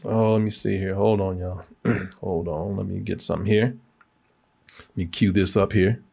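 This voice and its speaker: A man hosting a podcast, reviewing a movie in slangy, animated, laughing casual chat. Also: deep voice, normal speed, creaky, husky.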